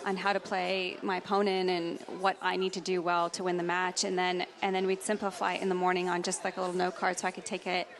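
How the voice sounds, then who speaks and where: A woman's voice: lowish voice, completely flat delivery, quick pace, few pauses, crowd noise. Chatty female tennis pundit. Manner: chatty, rambling storyteller. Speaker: tennis pundit, former player. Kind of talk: studio sports punditry.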